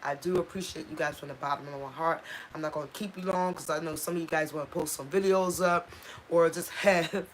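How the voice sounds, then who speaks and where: A woman's voice: sits low, steady tone, a little fast, a little hiss or hum. Chatty woman hosting a livestream. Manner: chatty, reads out viewer comments, stumbles over place names. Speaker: channel host. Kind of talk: casual livestream chat with viewers.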